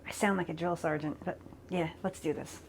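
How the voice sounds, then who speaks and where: A woman's voice: on the low side, steady tone, brisk, gravelly, over loud music. A woman talking casually as she cooks in her home kitchen, narrating each step of a cooking demo as she goes. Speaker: cooking vlogger.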